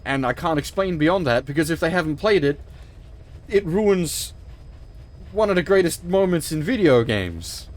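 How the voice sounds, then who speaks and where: A man's voice: a little high, animated, moderate pace, darkish tone. Rambling, swearing male game streamer. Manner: rambling, emphatic, swears often. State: emotional, choked up. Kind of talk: casual livestream commentary.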